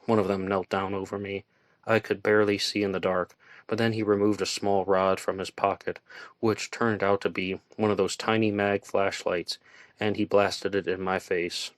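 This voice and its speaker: A man reading a first-person thriller audiobook in a tense, measured storytelling manner. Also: low voice, flat delivery, dry recording. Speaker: audiobook narrator.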